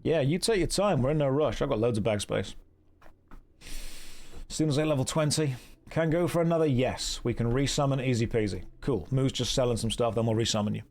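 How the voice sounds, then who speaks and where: Brisk and medium-pitched, an English game streamer chats casually with the people watching. He reads their messages aloud with a wry, teasing edge and offers warm thanks to donors.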